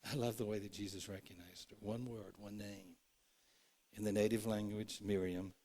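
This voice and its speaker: A man preaches in a church with a low-pitched voice. He is earnest and shifts from loud phrases to hushed ones, acting out the lines he quotes. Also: fairly even intonation, moderate pace. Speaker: pastor. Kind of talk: sermon. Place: church sanctuary.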